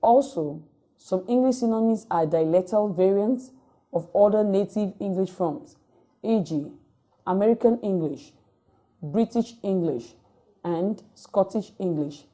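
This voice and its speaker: Slow, mellow-voiced woman lecturer. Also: mid-range voice. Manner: reads word lists item by item in a measured, dictating way. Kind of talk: recorded distance-learning lecture.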